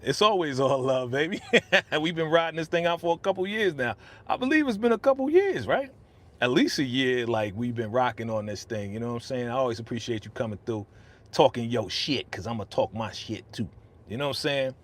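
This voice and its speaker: A man's voice: mid-range voice, fairly quick. A man hosting a casual live stream, talking in a chatty, slangy way and reading viewer comments aloud into a studio microphone. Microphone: podcast studio microphone.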